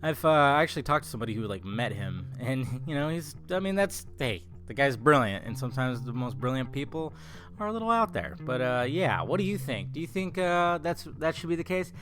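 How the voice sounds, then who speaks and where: A man's voice: mid-range voice, very animated, fairly quick, fairly bright tone. A man vlogging casually about film news, rambling with fillers and restarts in a tired morning voice. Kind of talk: casual movie news chat.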